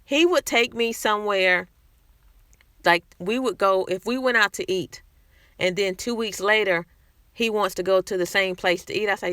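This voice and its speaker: A woman's voice: medium pitch, normal speed, fairly bright tone, dry recording, studio quality. A woman talking candidly to camera in a casual vlog, speaking conversationally and restarting her sentences often. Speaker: vlogger sharing personal experience.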